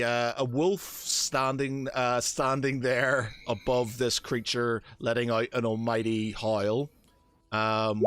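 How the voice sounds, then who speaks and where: A man running a tabletop game as game master, halting and full of ums, quick to laugh. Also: mid-range voice, fairly bright tone, clear, resonant tone.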